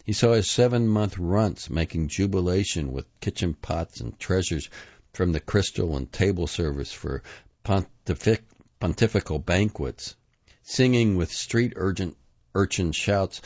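A man with a very low, deep voice reads literary prose in a slow, grave, measured way. The recording is dry and a little dull, with no room sound. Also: a little mellow, no room sound. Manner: measured, grave reading with small restarts on long words. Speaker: reader. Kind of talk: literary audiobook reading.

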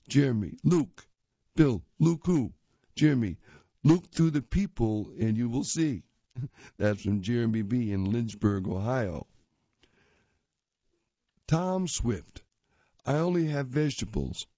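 Low, mellow man reading jokes at an unhurried pace with chuckles; dry, dull lo-fi recording. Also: no room sound. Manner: chuckles at the jokes, casual asides. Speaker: reader of readers' jokes.

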